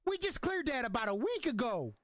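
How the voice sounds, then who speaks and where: Gruff military lieutenant barking orders at a raised pitch, done by a man running a tabletop game. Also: big pitch swings, a little fast, fairly bright tone, dry recording, studio quality, heavily acted. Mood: commanding. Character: gruff adult male military lieutenant, commanding.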